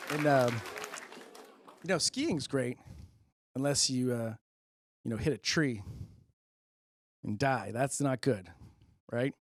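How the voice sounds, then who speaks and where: A man's voice: medium pitch, slow, pauses often, no room sound, a faint crowd. A man doing a rambling, self-amused stand-up monologue into a handheld mic on a public-access show. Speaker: comedian host.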